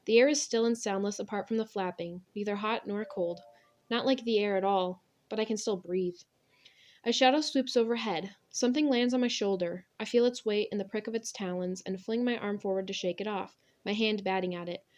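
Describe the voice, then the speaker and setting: A woman's voice: mid-range voice, fairly quick. Young woman doing audiobook narration, first person, really dramatic and intense. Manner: expressive, intense dramatic reading.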